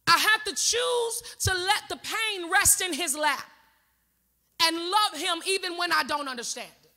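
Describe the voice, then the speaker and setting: A woman's voice: very high-pitched, animated, a little slow, sharp tone. A woman pastor, preaching an impassioned sermon in a church and calling out to the congregation. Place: church sanctuary.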